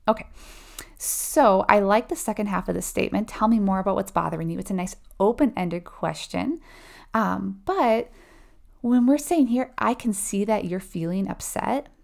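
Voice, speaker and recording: Gravelly-voiced woman teaching exam review. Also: mid-range voice, a little mellow. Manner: conversational, explains step by step, asks the audience questions; laughs lightly while acting out client replies. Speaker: nursing exam review instructor. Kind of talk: live online exam review lesson.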